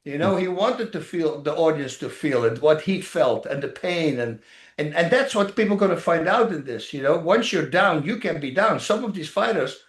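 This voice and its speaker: An actor and former fighter, appearing as an interview guest, tells casual stories in a slightly high voice at a moderate pace. He's animated and rambling, acting out other people's lines and laughing often, and the room sounds echoey.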